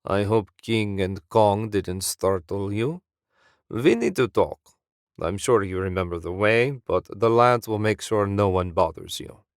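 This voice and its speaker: A man doing a slow Russian-accented old crime boss. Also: fairly low pitch, expressive, clear, resonant tone, dry recording, studio quality. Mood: calm. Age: older. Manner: slow and measured. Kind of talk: audiobook character voice.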